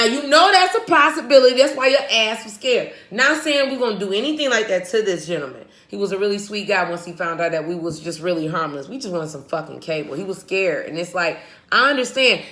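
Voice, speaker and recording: An American woman vlogger giving blunt, profane, animated commentary to her viewers. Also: mid-range voice, a little fast. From United States. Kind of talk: ranting commentary. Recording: echoey room.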